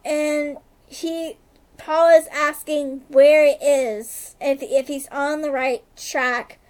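A woman casually recapping a TV episode for a co-host, rambling along with lots of "like" and quick asides. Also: high voice, fairly even intonation, a little mellow. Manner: rambling retelling, heavy use of "like", quick asides. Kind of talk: casual chat.

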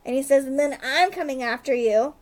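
Her voice is high and sits brightly as she chats casually with her podcast partner about a TV episode. She retells it in a rambling fashion, using "like" constantly to link events and slipping in fast side comments.

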